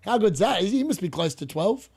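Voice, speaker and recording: High yet husky, this young man's voice keeps a moderate pace. He calls a football match live on his fantasy football stream, excitable and laughing, frequently speaking to his chat.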